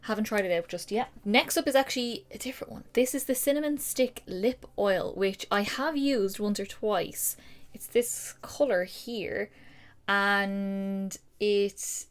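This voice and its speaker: A young woman talks through a beauty haul in a casual vlog from her decorated room at home. She rambles along, chatty and enthusiastic, at an ordinary pitch. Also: unhurried. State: out of breath. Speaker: beauty vlogger.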